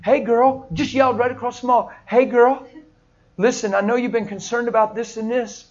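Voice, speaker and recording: A man preaching a sermon in a storytelling way, swinging from hushed, soft lines to loud, laughing outbursts. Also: very high voice, steady tone, fast talker, muffled recording.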